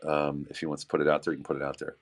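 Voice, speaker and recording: A man's voice: a bass voice, level tone, rapid-fire. A man and veteran entrepreneur giving an earnest, impassioned talk on an online call, with frequent restarts. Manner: earnest, stumbling restarts, swings between loud and quiet. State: getting emotional. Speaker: veteran entrepreneur, visionary of the project.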